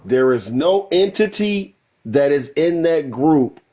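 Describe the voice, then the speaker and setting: A man in a heated live stream debate, blunt, then slow and measured when he explains. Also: on the high side, lively intonation, a little mellow.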